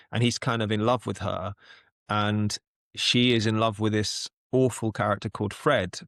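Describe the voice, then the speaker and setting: A London actor who co-hosts a podcast chats casually in a voice on the low side, telling anecdotes haltingly and often restarting and repeating words. The recording is dry and close, with no echo or room sound.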